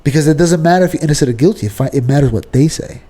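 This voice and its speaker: A man with a New York accent, co-hosting a casual podcast debate, arguing his point, often clearing his throat and restarting sentences. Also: fairly high pitch, very fast, mellow. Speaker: podcast co-host.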